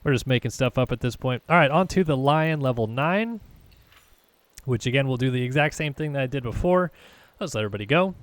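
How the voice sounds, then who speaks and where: A man's voice: mid-range voice, lively intonation, brisk, dry recording. Laid-back man narrating his gameplay. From California. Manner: laid-back, chatty, thinks aloud with fillers. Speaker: gaming channel host. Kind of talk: casual gameplay commentary.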